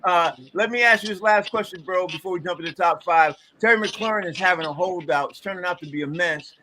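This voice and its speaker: A man leads a casual sports chat, tossing questions to his friends in an easygoing, slangy way. His voice is bright and sits slightly high. A faint hiss runs underneath. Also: a little fast. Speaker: podcast host.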